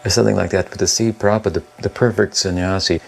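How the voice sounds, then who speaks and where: A man's voice: low voice, steady tone, quick pace, vocal fry. A man in his seventies, a monk, thoughtfully recalling a story in an interview. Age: 70s. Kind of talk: reminiscing interview.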